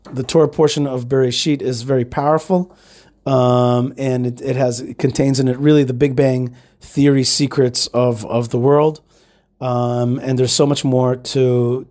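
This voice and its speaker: A man's voice: mid-range voice, a little mellow. A man hosting a show, teaching scripture in a loose, conversational way with frequent fillers and restarts. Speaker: radio show host.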